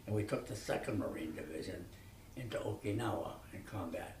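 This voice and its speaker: A man in his nineties telling rambling, animated stories from his youth, with many restarts, recorded from a distance. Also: low-pitched, a little fast. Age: 90s. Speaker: interviewee. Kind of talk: reminiscing storytelling. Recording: echoey room from far off, faint noise.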